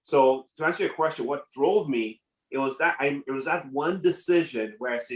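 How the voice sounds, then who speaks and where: A man whose first language is French tells his story as a podcast guest at a medium pitch, livening it up by putting on the voices of the people in it. The recording has a roomy, echoey ring. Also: a little fast. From grew up in Nigeria and Canada. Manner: animated storyteller who acts out quoted voices. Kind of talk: casual storytelling interview.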